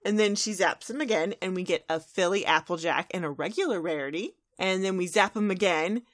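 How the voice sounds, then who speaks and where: A woman's voice: lowish voice, no echo, studio quality. A woman co-hosting a podcast, casually recapping a cartoon episode in a chatty storytelling way. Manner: chatty storytelling, slips into quick character quotes. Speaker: podcast co-host.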